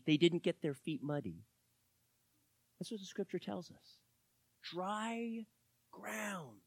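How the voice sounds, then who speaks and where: A pastor preaching a sermon to his church, swinging between hushed words and loud, fervent calls. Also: high-pitched, expressive, slow, creaky, pauses often, dry recording. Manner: dramatic, swings from hushed to shouting.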